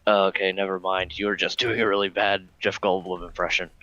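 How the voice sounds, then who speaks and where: A man's voice: low voice, flat delivery, fairly quick, sharp tone. A man co-hosting a casual podcast, with dry, teasing remarks. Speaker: podcast co-host. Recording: dull, dry lo-fi mic.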